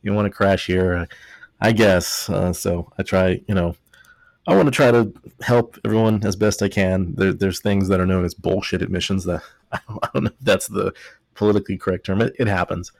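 A man's voice: sits low, fairly quick, creaky, darkish tone, no echo. A man co-hosting a podcast in casual chat, a little drunk, rambling through stories and laughing often. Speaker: podcast co-host, doctor.

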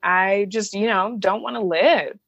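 A woman's voice: medium pitch, measured pace, vocal fry, no echo, muffled recording. A woman from the Chicago suburbs telling a personal story to an interviewer, candid and emotional, swearing freely and acting out the voices of people she quotes. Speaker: interview guest.

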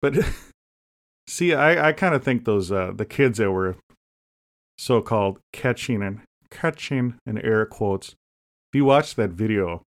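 Man podcast co-host, low-pitched, deadpan comic rambler. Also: slow pace, pauses often. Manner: deadpan joking, rambling asides. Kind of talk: casual comedic chat.

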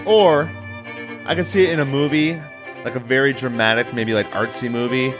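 A man's voice: medium pitch, normal speed. A man co-hosting a podcast in casual chat, laid-back and agreeable, often repeating short yeahs while he reacts to music clips. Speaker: podcast co-host.

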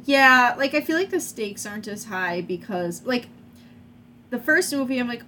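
A woman's voice: fairly high pitch, animated, normal speed, pushed and bright, a little hiss or hum. A woman co-hosting a podcast, chatting casually and bluntly about a movie, swearing now and then. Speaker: podcast co-host. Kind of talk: casual movie review chat.

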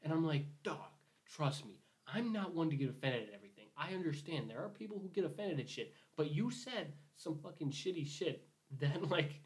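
A man's voice: a little high, lively intonation, normal speed. A young man in casual conversation, telling a work story in a rambling way. He swears freely and acts out what everyone said. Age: young adult. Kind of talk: casual chat.

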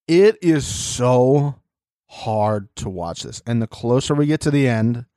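Casting note: male podcast co-host, casual and playful, medium pitch, dry close mic. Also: takes it slowly, mellow, dry recording. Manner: playful, mimics people with mock voices. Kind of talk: casual chat.

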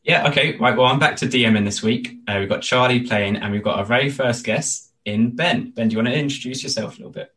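A man's voice: medium pitch, a bit bright, poor audio. A man acting as game master, joking with players and setting up the story. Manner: laughs often, quick banter. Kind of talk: casual tabletop game narration.

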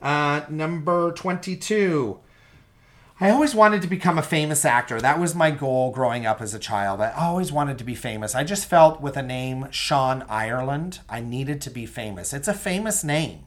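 A man's voice: medium pitch, expressive, moderate pace, hardly any pauses. A young man hosting a solo podcast, chatting casually and enthusiastically with many ums and asides to his listeners. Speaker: podcast host.

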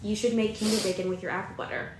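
A woman's voice: medium pitch, fairly even intonation, very fast, roomy sound, slight background noise. A young woman co-hosting a casual chat, gushing about food and laughing often. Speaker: podcast co-host.

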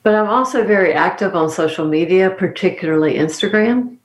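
Podcast guest: Southern woman, low-pitched, calm measured delivery. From North Carolina. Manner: slow, soothing guided-mantra delivery. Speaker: guest, dietitian and yoga teacher. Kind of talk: podcast interview.

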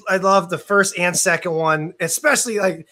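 Forties guy hosting a chill interview, bright sharp voice, lots of uhs. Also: high voice, moderate pace. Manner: relaxed, chatty, hesitant fillers. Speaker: interview host. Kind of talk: casual interview chat.

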